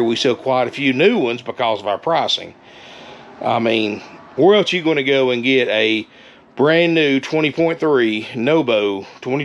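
A man's voice: medium pitch, a little hiss or hum. Folksy RV salesman, chatty man. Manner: folksy, repetitive, keeps saying "guys". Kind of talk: casual sales pitch to camera.

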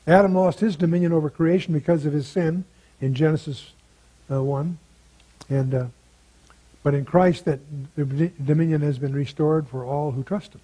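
A man's voice: fairly high pitch, steady tone, normal speed, mellow, breathy edge, poor audio. An older man teaching through a Bible passage verse by verse, conversational and asking his listeners rhetorical questions.

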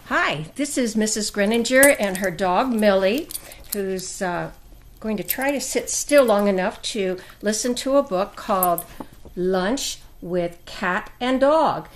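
A woman teacher reading a picture book aloud to children, gentle and explanatory. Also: mid-range voice, lively intonation, slow pace, slight background noise.

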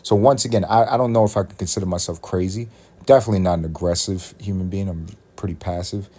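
Man, podcast host, very low voice, rambling, thinking aloud, slow stretched phrases. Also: steady tone, mellow, husky. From Puerto Rico. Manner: rambling, self-questioning, drawn-out phrasing. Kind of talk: solo podcast musing.

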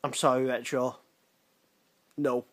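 Laid-back, slow British guy. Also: medium pitch, level tone, fairly bright tone. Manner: swearing, laughing, laid-back. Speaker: gaming channel host. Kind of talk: casual reaction commentary.

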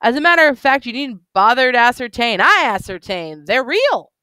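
Woman doing a drunk excited middle-aged guy w big glasses, high squeaky swoopy voice, smooth, dry room. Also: normal speed, no room sound. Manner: excited, insistent, rambling. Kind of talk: reading a novel aloud.

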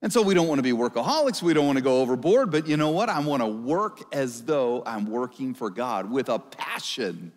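A man's voice: mid-range voice, lively intonation, a little fast, few pauses. A male pastor preaching a conversational sermon, asking the congregation questions. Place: church service hall. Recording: long hall reverb.

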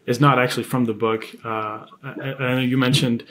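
A man hosting a podcast, asking relaxed, hesitant questions full of fillers. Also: mid-range voice, normal speed. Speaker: podcast host. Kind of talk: casual interview questions.

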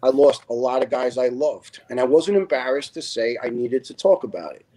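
A man in his fifties, a retired fire lieutenant, recounts his story as a podcast guest. He speaks bluntly and earnestly at an ordinary, middle pitch. He often breaks into animated impressions of the people he quotes. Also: moderate pace. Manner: animated, acts out quoted dialogue. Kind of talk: emotional first-person storytelling on a podcast.

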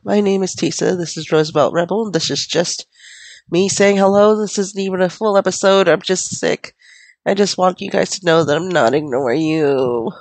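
A woman's voice: lowish voice, normal speed, darkish tone, no echo. A woman hosting her podcast while sick in bed, coughing, her voice going, rambling casually and swearing. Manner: rambling, self-deprecating, profane. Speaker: podcast host. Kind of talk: casual solo podcast chat. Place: in bed at home.

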